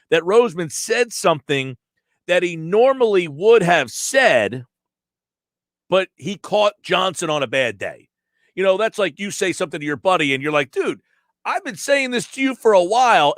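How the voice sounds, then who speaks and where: A man hosting sports talk radio, breaking down a news article with animated delivery and acted-out quotes. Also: on the high side, no echo, clean studio sound. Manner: animated, reads article quotes aloud and acts out tones.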